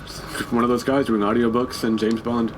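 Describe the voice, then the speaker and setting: A man casually commenting on a game he is playing, wry and quick to laugh. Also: mid-range voice, flat delivery, background noise. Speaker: let's play commentator.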